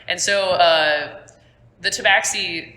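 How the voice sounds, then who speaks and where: A woman's voice: fairly low pitch, slow pace, pushed and bright. Young woman running a tabletop game. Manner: casual, rambling with fillers. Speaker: game master. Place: school room. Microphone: phone on the table.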